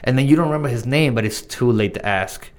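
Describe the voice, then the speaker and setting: Teasing male co-host. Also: medium pitch. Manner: teasing, quick joking interjections, laughs often. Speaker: podcast co-host. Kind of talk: casual chat.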